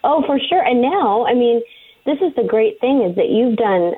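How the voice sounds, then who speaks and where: A woman interviewer gushes warmly and emotionally at her guest. Her voice comes through a thin, tinny phone line. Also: fairly high pitch, expressive, moderate pace, husky. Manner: gushing, emotional, effusive. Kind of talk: interview conversation.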